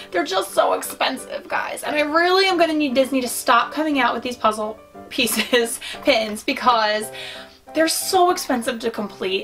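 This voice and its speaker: A woman's voice: on the high side, fairly bright tone. Chatty young woman unboxing pins. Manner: chatty, rambling, many fillers and restarts. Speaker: vlogger. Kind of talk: casual unboxing chat.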